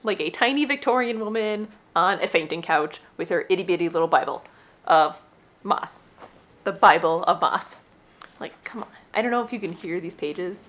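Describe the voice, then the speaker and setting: A woman's voice: lowish voice, lively intonation, normal speed, a bit bright. A young adult woman hosting her own podcast, chatting casually and rambling with gushing enthusiasm. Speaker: podcast host. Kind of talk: casual solo chat.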